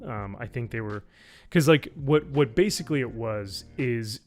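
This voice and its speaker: A man's voice: mid-range voice, moderate pace, darkish tone, soft background music. A man giving a casual spoken review, rambling and swearing, with lots of fillers. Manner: rambling, profane, with frequent fillers. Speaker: YouTube reviewer.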